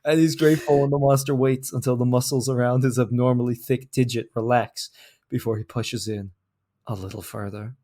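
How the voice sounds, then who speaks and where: Man, podcast co-host, reads racy fan fiction aloud, cracks up mid-sentence, middle-pitched voice. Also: steady tone, brisk, dark tone. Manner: breaks into laughter while reading.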